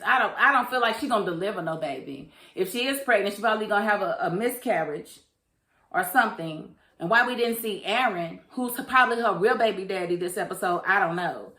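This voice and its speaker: A woman recapping a TV episode in a chatty, sassy way, with quick asides in other people's voices. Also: a little high, fairly bright tone, echoey room. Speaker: TV episode reviewer. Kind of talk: casual recap and commentary.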